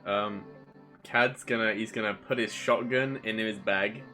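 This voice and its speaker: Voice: medium pitch, steady tone, a little slow, pushed and bright, soft background music. A player in a tabletop game describing what their character does, in a tentative way.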